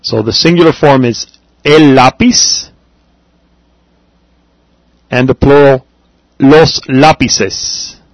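A man teaching a Spanish grammar lesson, patient and deliberate, spelling out words and saying them again. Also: medium pitch, dry recording, highs cut off.

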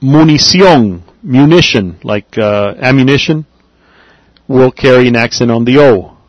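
A man teaching a Spanish grammar lesson, patient and deliberate, spelling out words and saying them again. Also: mid-range voice, dry recording, highs cut off.

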